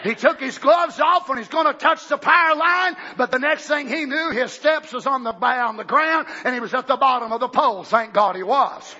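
A man preaching a fiery sermon, shouting fervently and then dropping to low, quiet asides. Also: moderate pace, few pauses, slightly rough. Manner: shouts fervently, swings between loud bursts and low asides. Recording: dull lo-fi recording.

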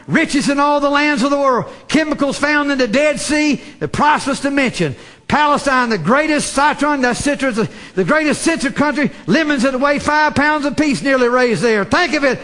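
Male preacher, very high and bright voice, fervent, repetitive, shouts his peaks. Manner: fervent, repeats phrases, builds to shouted emphasis. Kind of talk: sermon.

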